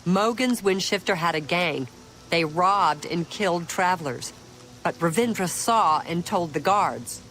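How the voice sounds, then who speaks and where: Mazoga, a blunt orc knight. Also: female voice, lowish voice, animated, unhurried, fairly bright tone, faint music behind. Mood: earnest. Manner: plain, simple, blunt speech. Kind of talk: video game voice acting.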